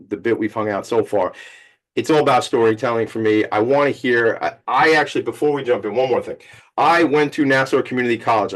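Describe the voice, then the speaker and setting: A man's voice: mid-range voice, low-quality recording. Chatty Long Island man hosting. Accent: Long Island New York. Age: 40s. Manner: rambling, jokey, enthusiastic shout-outs. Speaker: podcast host. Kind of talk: casual chat.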